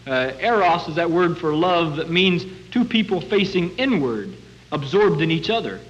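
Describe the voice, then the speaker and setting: A man's voice: a little high, animated, normal speed. A male preacher giving a sermon, telling Bible scenes and acting out the voices in them. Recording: dull lo-fi recording.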